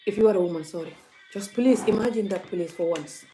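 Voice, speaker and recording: A woman's voice: medium pitch, brisk, mellow, soft background music. A woman vlogger talking to her viewers in an impassioned, emphatic, preachy way. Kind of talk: casual live vlog talk.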